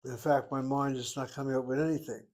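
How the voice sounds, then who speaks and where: Man, teacher, informal class lesson, middle pitch, explains step by step, thinks aloud. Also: level tone, quick pace, darkish tone, low-quality recording. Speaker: Hebrew teacher.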